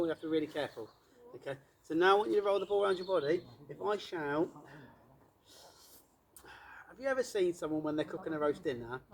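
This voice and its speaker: A man coaching children through a ball drill on an outdoor pitch, encouraging and playful. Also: slight background noise.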